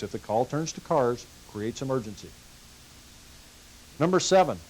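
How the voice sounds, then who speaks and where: A man's voice: medium pitch, a little mellow, rough recording. A middle-aged man leading a car sales training session in a folksy way, acting out calls with customers. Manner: folksy, acts out customer dialogue. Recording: hissy 1990s VHS tape.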